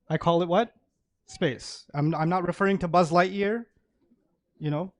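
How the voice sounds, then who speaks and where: A male preacher giving a sermon to an audience, animated, acting out everyday examples and laughing often. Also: a little high, no echo, clean studio sound.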